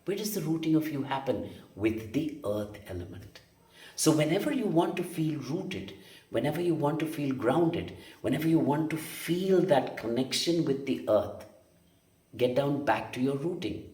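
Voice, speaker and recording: This energy-healing and meditation teacher speaks at a fairly high pitch with lively intonation, a moderate pace, and a darkish tone. His spoken lesson is emphatic and repetitive, full of rhetorical questions, captured with roomy, distant sound.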